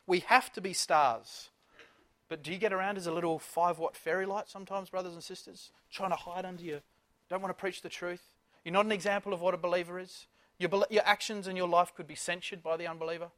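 Man, preacher, sermon, raised pitch, rhetorical questions, loud-then-hushed delivery. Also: fairly quick. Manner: impassioned, rhetorical questions, big swings in loudness.

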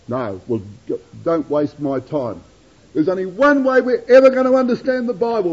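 A man preaching a sermon to a congregation, earnest and repetitive, with a husky voice. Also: sits high, sing-song, normal speed, darkish tone. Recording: dull lo-fi recording.

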